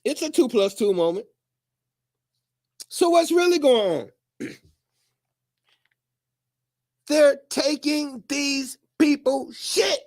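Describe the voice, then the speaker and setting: Man, high voice, profane, preachy, shouting at times. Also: slow, pauses often. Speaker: commentator. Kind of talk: animated monologue to camera.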